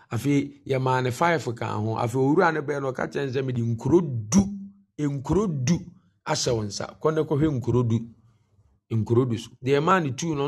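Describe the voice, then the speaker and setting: Ghanaian pastor with a gravelly voice. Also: male voice, medium pitch. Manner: mixes Twi and English, repeats key phrases for emphasis. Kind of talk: morning devotion sermon.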